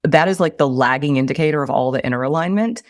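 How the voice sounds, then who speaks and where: A woman's voice: sits low, fast, dry recording, clean studio sound. A woman hosting a podcast, talking in an emphatic, impassioned way and swearing freely. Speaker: podcast host. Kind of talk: casual podcast conversation.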